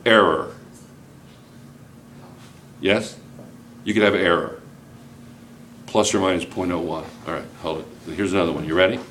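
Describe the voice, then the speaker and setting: A man's voice: low-pitched, measured pace, pauses often, fairly bright tone, slight background noise. A male chemistry teacher, giving a joking classroom lecture and constantly checking in with students.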